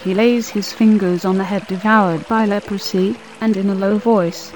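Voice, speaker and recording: A woman's voice: mid-range voice, steady tone, moderate pace, darkish tone, faint music behind, low-quality recording. Woman narrating solemnly. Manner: solemn, descriptive reading. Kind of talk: scripted narration.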